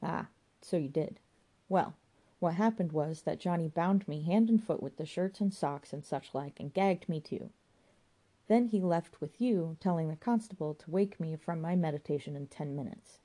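A woman's voice: deep voice, moderate pace, warm tone. A woman voicing a smug, knowing male escapee explaining his trick. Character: escaped prisoner, slick brother, male.

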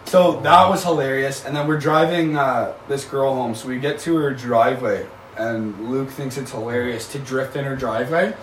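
A man's voice: medium pitch, fairly even intonation, normal speed. A man casually telling a funny story among friends, laughing and rambling as he goes. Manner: laughing, rambling, says like and dude often. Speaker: podcast guest. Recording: echoey room, mic far off, noisy.

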